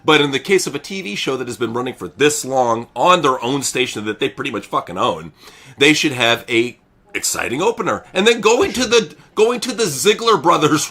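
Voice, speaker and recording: A man's voice: fairly high pitch, normal speed, slightly rough. A man co-hosting a live wrestling reaction, ranting casually and swearing often. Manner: animated, profane, ranting. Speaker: co-host.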